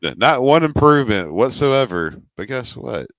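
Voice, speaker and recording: A man's voice: medium pitch, very animated, moderate pace, fairly bright tone, dry recording. A man co-hosting a livestream, chatting casually with joking, laid-back banter. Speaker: livestream co-host. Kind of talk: casual chat.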